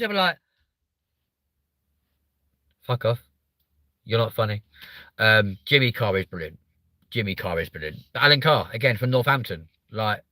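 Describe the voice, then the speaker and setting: An English man hosts a casual live stream, bluntly chatting, swearing often and reading viewer comments aloud. His medium-pitched voice is bright and forceful, with no room sound.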